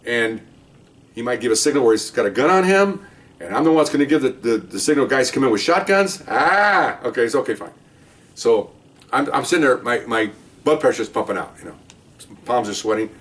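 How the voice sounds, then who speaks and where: A middle-aged man telling police stories in casual storytelling style, animated and acting out the dialogue. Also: brisk. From Latino. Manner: animated, acts out dialogue with raised pitch. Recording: voice a bit far from the mic.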